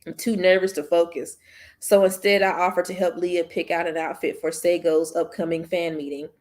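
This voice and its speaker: Woman host, low voice, reads fiction aloud, casual asides to viewers. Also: level tone, normal speed, a little mellow. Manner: chatty, slips and restarts, speaks to viewers as y'all. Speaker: book club host.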